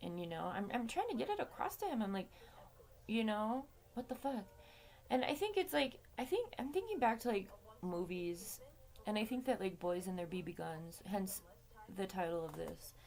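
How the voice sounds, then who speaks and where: A woman's voice: medium pitch, big pitch swings, moderate pace, darkish tone. A woman telling a story to her camera in a casual, chatty way, swearing freely and laughing between lines. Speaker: vlogger.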